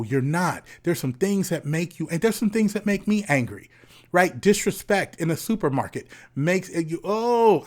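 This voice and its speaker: A man, a therapist, talking casually and directly to his viewers, often repeating words and asking "right?". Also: on the high side. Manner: conversational, repeats words, frequent tag questions. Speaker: therapist and host. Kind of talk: casual talk to camera.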